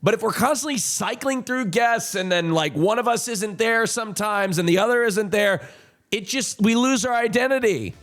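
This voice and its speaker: A man's voice: high voice, moderate pace, a bit bright, soft background music. A man live-streaming, telling stories to his chat in a casual, profane way, repeating himself and checking in with his viewers. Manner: profane, repetitive storytelling addressing chat. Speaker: livestreamer.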